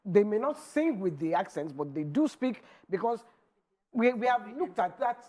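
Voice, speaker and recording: A woman's voice: medium pitch, normal speed. A woman on a TV talk show panel who pushes back and argues her point. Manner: lively, argumentative. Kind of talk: studio panel discussion.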